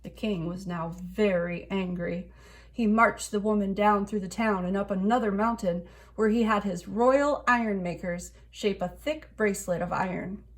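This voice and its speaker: A woman reading a children's picture book aloud in an expressive storytelling way. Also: mid-range voice, normal speed. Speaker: storybook reader.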